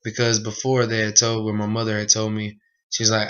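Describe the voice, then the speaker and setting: A man's voice: fairly low pitch, monotone, fairly quick, fairly bright tone, clean tone. A young man earnestly telling his personal testimony in a plain speech, with many asides. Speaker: speaker giving a personal testimony. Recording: dull lo-fi recording.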